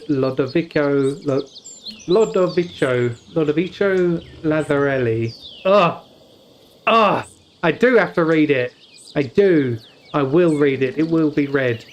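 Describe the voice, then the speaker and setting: With a fairly high yet darkish voice, a young man from the UK plays a story game on stream, reading the text aloud, stumbling on hard words, and tossing in jokes. There is slight background noise.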